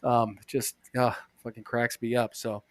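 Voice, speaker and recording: A man's voice: mid-range voice, little pitch movement, measured pace, no room sound, clean studio sound. A man co-hosting a podcast in casual chat, rambling, swearing a lot and laughing often, talking from a bathroom. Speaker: podcast co-host.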